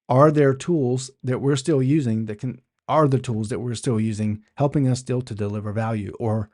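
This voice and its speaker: Teaching through his instructional podcast, the host keeps things conversational, asking rhetorical questions and repeatedly restarting phrases. His voice has a medium pitch and a dark tone.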